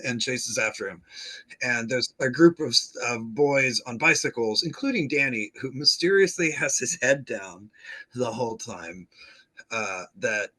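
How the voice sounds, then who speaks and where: A man's voice: mid-range voice, expressive, measured pace, pushed and bright. A male podcast host chattily recapping an episode, laughing often and acting out the characters' lines.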